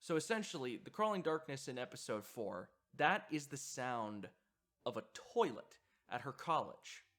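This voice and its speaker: Speaking at a moderate pace, a man with a medium-pitched, slightly bright voice sounds very animated. As host of a video essay, he muses on horror sound design in a halting way, often restarting and filling pauses.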